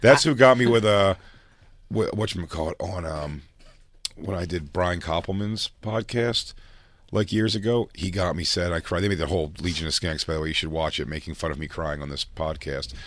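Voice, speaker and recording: A man with a fairly low voice tells stories in a loose, rambling way, stopping and restarting while he acts out what others said. The sound is dry and close. It has the feel of a relaxed comedy podcast chat. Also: normal speed, dry recording. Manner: rambling storytelling, frequent restarts and acted quotes. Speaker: podcast co-host.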